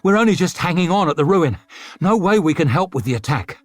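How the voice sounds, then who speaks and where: A man's voice: on the high side, expressive, brisk, no room sound, voice pushed up, natural voice. A man voicing an out-of-breath male messenger rider bringing urgent word.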